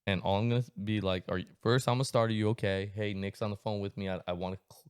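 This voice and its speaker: A man in his thirties hosting a podcast, telling stories in a casual, animated, swearing style and acting out voices. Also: lowish voice, fast, smooth, no echo, studio quality. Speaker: podcast host. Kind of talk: casual chat, storytelling.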